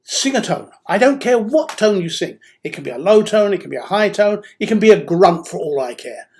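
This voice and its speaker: In an instructional seminar talk, a singing teacher coaches the listener through voice drills in a direct, encouraging way. His high-pitched voice is animated and a little fast.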